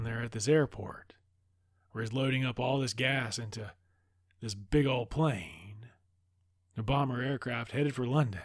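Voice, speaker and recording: A movie recap host with an ordinary middle-pitched voice loosely retells a film plot in a casual, rambling way, swearing freely. The recording is dry and close, with no room sound at all.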